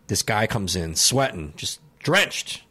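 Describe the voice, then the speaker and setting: A young man cohosting a podcast, telling a story in a loose, swearing, laughing way and shouting out the lines he quotes. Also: lowish voice, sing-song, slow. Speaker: podcast co-host. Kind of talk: casual storytelling chat.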